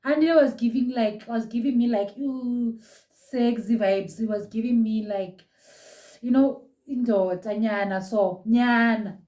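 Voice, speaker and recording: A woman's voice: on the high side, fairly even intonation, measured pace, dark tone, distant mic. A young South African woman chatting in a gushing, casual way, reviewing a reality show from home. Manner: gushing, chatty, code-switching. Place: room at home. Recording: roomy echo, set back from mic.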